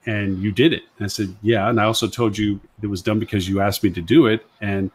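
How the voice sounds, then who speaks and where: A man's voice: on the low side, fairly even intonation, quick pace, husky. A man on a live web panel show, chatting casually and rambling, often repeating himself and retelling conversations. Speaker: agency consultant and show panelist.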